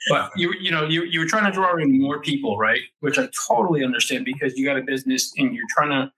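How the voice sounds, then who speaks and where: A man's voice: mid-range voice, lively intonation, quick pace, pushed and bright, rough recording. A man co-hosting a beer podcast, talking casually and explaining things at length. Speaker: podcast co-host.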